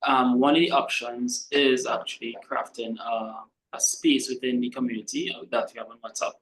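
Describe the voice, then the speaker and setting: Gravelly male webinar moderator. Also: medium pitch, level tone, normal speed, a bit bright, slight background noise, rough recording. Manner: practical, hesitant with fillers. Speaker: workshop moderator. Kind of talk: webinar answer. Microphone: video call.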